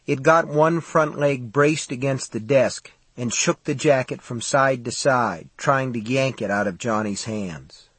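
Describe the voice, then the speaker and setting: Male audiobook narrator, husky, dry close recording, steady measured read. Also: mid-range voice, no room sound. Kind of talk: scripted narration.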